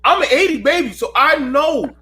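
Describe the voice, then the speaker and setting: A man's voice: extremely high pitch, expressive, moderate pace, pushed and bright. A man in his thirties hosting a heated panel call, preachy and emphatic, often repeating himself. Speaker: host of a panel call show.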